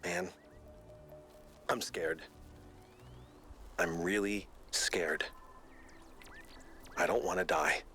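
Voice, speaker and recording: A man's voice: sits low, fairly even intonation, very slow, pauses often, soft background music, heavily acted. A fearful man recording a log. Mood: frightened. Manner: reflective, quietly confessional. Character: scared young man recording a personal log. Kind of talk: game audio log monologue.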